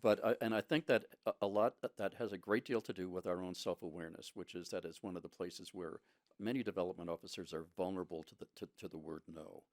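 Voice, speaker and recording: A man co-hosting a casual podcast conversation, speaking in a measured, reflective way with many restarts. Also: low-pitched, no room sound, clean studio sound. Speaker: podcast co-host.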